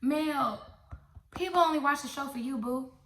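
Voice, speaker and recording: A woman delivers a casual, opinionated recap and talks straight to her viewers. Her voice sits a little high and bright, and she repeats her points bluntly. The room around her is noticeably echoey. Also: moderate pace, a little hiss or hum. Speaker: reality TV recap vlogger. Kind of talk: casual opinionated show review.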